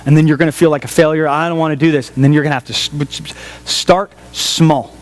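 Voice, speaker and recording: A man, a pastor, preaching a sermon in an animated storytelling way, repeating phrases for emphasis. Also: fairly high pitch, very fast, poor audio. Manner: animated storyteller, acts out voices of family and friends.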